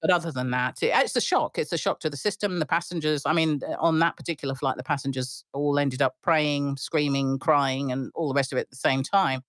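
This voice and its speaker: A middle-aged woman airline pilot telling stories in an interview, animated, with frequent restarts and laughs. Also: sits low, brisk, hardly any pauses, no room sound, clean studio sound. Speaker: airline pilot, podcast guest. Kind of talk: storytelling interview.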